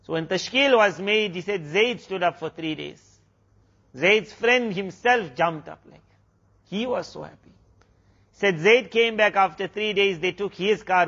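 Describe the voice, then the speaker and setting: South African male preacher telling a story, high voice, muffled recording. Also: gravelly, bright, forceful tone. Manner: retells a story with many quoted exchanges. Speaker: Islamic preacher. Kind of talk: storytelling sermon.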